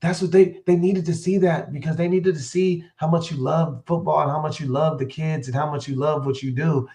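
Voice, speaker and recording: A man's voice: a little high, fairly even intonation, fairly quick, warm tone, voice pushed up, natural voice. A man raising his voice to play a reassuring wife. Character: reassuring, supportive adult wife.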